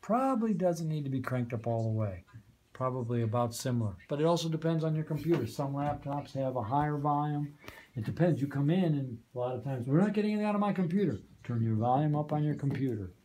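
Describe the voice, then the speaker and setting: A man's voice: medium pitch, fairly quick, mellow, slight background noise. A man training volunteers on a community radio studio's soundboard, patiently checking understanding as he goes. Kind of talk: hands-on training walkthrough.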